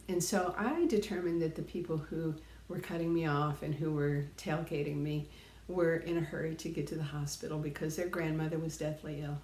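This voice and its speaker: A woman's voice: deep voice, fairly even intonation, moderate pace, darkish tone, echoey room. A middle-aged woman giving an earnest, reflective personal talk, sharing life lessons and pressing her points with emphatic repetition.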